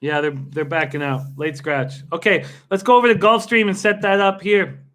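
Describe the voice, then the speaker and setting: A young man hosts a casual live stream, excitable and quick to laugh as he reacts to viewers by name. His voice sits high for a man and rings bright and forward. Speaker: livestream host betting on horse races.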